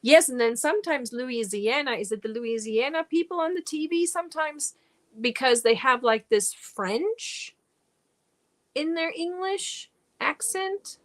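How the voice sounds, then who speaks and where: Lady chatting slowly on a crochet livestream, rambly, laughs a lot. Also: sits high, lively intonation, a bit bright. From Germany. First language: German. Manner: chatty, rambling, laughs often, reads and answers comments. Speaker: crochet channel host. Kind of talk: casual live-stream chat with viewers.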